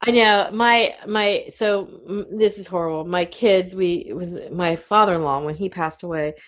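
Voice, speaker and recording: A woman's voice: fairly low pitch, normal speed. Chatty middle-aged woman telling stories. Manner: rambling, animated storytelling with many fillers. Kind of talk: casual chat.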